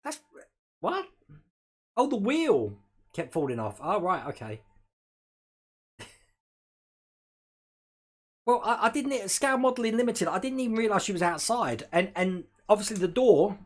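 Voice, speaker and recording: A man's voice: high-pitched, sing-song, measured pace, long pauses. A man hosting a hobby model-building livestream at home, chatting casually and rambling, laughing often and talking to his dog. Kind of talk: casual live-stream chat.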